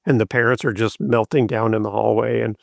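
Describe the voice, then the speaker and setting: A man's voice: lowish voice, steady tone, brisk, vocal fry, no room sound, studio quality. A man hosting a podcast who asks questions in an easygoing, encouraging way with loose, chatty phrasing. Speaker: podcast host. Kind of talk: casual interview chat.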